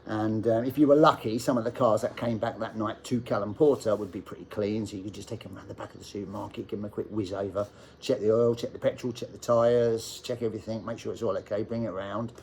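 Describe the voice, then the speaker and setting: A man's voice: fairly low pitch, steady tone, fast talker, darkish tone, a little hiss or hum. A middle-aged man, casually telling a personal anecdote, often laughing as he talks. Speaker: storyteller.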